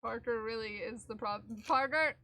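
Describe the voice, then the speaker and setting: A woman's voice: on the high side, measured pace, sharp tone. A woman streamer chatting casually and playfully with her live chat from a room at home.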